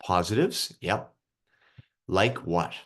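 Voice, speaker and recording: A man's voice: deep voice, lively intonation, slow pace, a bit bright. A man coaching a group of young hockey players over a video call, casual and encouraging, asking them questions. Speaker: youth hockey mental coach. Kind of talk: online group coaching session.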